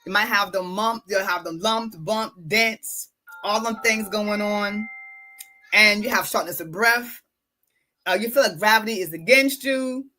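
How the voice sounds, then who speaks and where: A woman's voice: on the high side, pushed and bright. A woman podcast host and wellness coach talking casually and emphatically, often repeating her words and speaking straight to her listeners. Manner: repetitive, emphatic, addresses listeners directly. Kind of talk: casual motivational talk.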